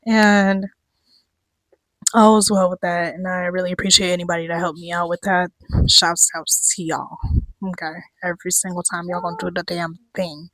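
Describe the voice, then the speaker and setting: A young woman chatting casually to camera about her year, candid, swearing freely and laughing often, her voice going hoarse. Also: on the low side, little pitch movement, moderate pace, a bit bright, dry recording. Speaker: vlogger.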